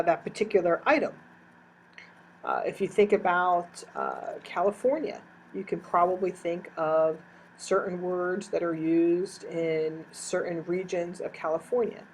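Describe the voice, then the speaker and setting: A woman's voice: on the low side, a little mellow, a little hiss or hum, rough recording. A woman teacher giving a recorded lecture, explaining terms step by step and repeating key definitions.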